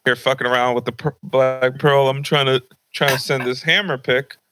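A young man on a podcast, casually telling a funny personal story and acting out high-pitched voices of his mom and grandma. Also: fairly even intonation, moderate pace, background noise. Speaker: podcast host.

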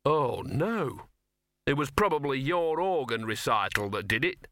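A man's voice: mid-range voice, very animated, measured pace, fairly bright tone, dry recording. A man reading aloud and voicing an earnest, reassuring young man in an audiobook. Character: earnest young man, trying to stay brave.

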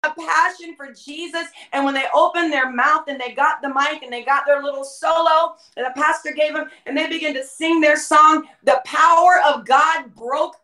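Fervent high-voiced woman preaching, roomy sound. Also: pushed and bright, distant mic. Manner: fervent and emphatic, slips into quoting scripture. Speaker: podcast guest. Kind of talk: impassioned preaching-style conversation.

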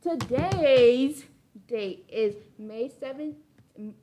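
A woman's voice: high voice, lively intonation, drawn-out words, mellow, slight background noise. A teenage girl co-hosting a school podcast, giving the date and announcements in an offhand way. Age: teens. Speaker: student podcast co-host. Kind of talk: casual chat, reading announcements.

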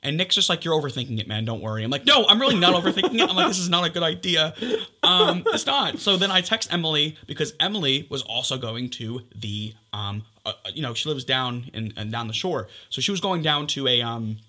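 A young man and podcast co-host telling a story in a casual chat, animated and swearing as he acts out text messages. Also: medium pitch. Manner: animated, swearing, quick retelling with quoted texts.

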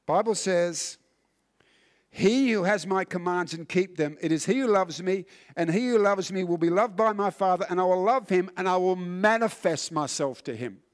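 A man preaching a sermon, earnest and emphatic, often restarting words and swinging from loud to hushed. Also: high voice, normal speed. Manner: frequent word restarts.

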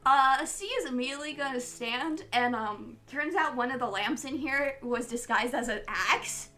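Give me a giggly woman game master with a bright, highish voice. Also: soft background music. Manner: giggly, chatty, quick to laugh. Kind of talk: narrating a tabletop game.

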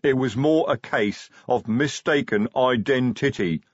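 A man voicing a big, gruff male troll sergeant who growls in slow, broken grammar. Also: mid-range voice, no room sound, highs cut off, pitched above the performer's own voice, lightly acted. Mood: protesting.

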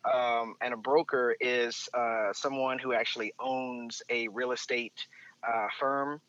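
A man's voice: mid-range voice, little pitch movement, slow pace, a bit bright. Easygoing man with an East Texas drawl. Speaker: podcast guest, real estate investor. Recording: dull, lo-fi sound.

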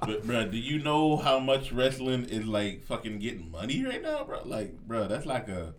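Animated young man, mid-pitched. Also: normal speed. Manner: lively, drops to low mumbles. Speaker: podcast co-host, wrestling fan. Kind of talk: casual sports banter.

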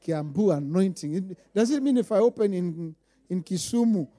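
A Kenyan man preaching with a high, mellow voice. He drops into quiet asides, then rises to loud, emphatic declarations, and repeats his lines for weight. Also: lively intonation, moderate pace, a little hiss or hum. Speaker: pastor. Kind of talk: sermon.

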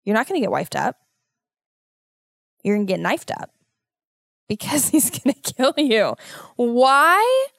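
Slow-talking woman podcast host, fretful. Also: fairly high pitch, gravelly, no echo, studio quality. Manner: animated, worried, exaggerated motherly fretting. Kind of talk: casual solo podcast talk.

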